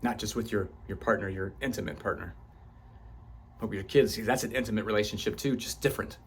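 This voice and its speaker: A man's voice: lowish voice, fast talker, slight background noise. A man, 38 or older, speaks in a passionate motivational monologue about his own growth. He swears for emphasis, and his voice climbs as he grows fervent. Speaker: self-help vlogger.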